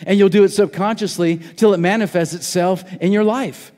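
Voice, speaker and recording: Casting: male pastor, high voice, emphatic preaching style, long church reverb. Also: fairly even intonation, a little fast. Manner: preaching, rising to loud emphatic urgency. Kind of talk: sermon. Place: church sanctuary.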